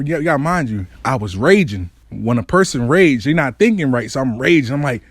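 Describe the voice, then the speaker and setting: A young man telling a comic personal story, profane and animated, acting out what people said. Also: mid-range voice, normal speed, no echo, studio quality. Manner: animated, profane, acts out quotes.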